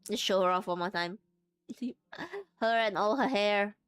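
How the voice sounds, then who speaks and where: A woman's voice: mid-range voice, measured pace, a bit bright, clear, resonant tone, no echo, faint music behind. A woman chatting casually while sewing on a live stream, laughing often and greeting her chat by name.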